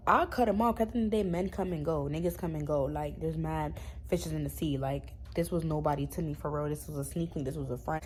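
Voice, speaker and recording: A young woman YouTube storyteller speaks bluntly in a casual storytime vlog, using slang and swearing freely. Her lowish, slightly mellow voice is brisk, with slight background noise.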